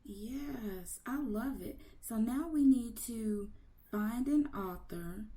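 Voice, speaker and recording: A woman's voice: mid-range voice, warm tone. An American woman hosting a casual interview, enthusiastic and encouraging. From United States. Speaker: podcast host.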